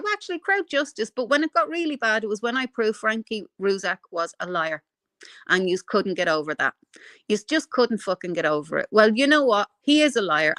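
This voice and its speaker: A woman's voice: on the high side, a bit bright, no echo. A woman hosting a livestream, delivering an angry, profane rant at her critics. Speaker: livestream host. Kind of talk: ranting livestream monologue.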